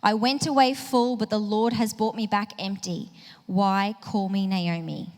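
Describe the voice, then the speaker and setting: A woman voicing a bitter, grieving older woman in a slow, heavy reading. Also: mid-range voice, steady tone, darkish tone, lightly acted. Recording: reverberant hall.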